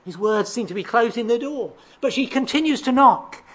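A preacher delivering a sermon, explaining scripture verse by verse, asking rhetorical questions and sometimes pausing on fillers. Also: medium pitch, expressive. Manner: expository, asks rhetorical questions, reads out verses; occasional hesitant fillers and restarts.

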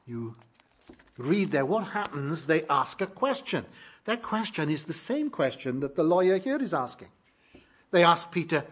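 A male pastor delivering a Sunday sermon in a slightly raised, husky voice. He builds emphasis around quoted questions and asks them back to his listeners. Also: a little high, sing-song, unhurried, a bit bright.

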